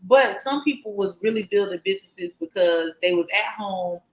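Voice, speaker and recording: A woman co-hosting a podcast round table in casual chat, animated and quick to laugh. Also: mid-range voice, poor audio. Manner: animated, laughs often, talks in long runs. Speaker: podcast co-host.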